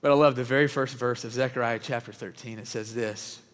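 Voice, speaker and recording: A man preaching a sermon, telling a story in an earnest voice that often drops to a hush. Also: mid-range voice, steady tone, a little fast. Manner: earnest, often dropping to a hushed voice. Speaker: pastor. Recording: long reverb of a large hall.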